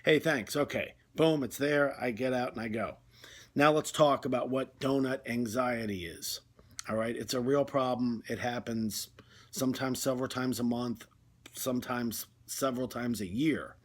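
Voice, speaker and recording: A man's voice: medium pitch, fairly even intonation, normal speed. A man delivering a rambling, conversational comic monologue, full of fillers. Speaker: comedy video host.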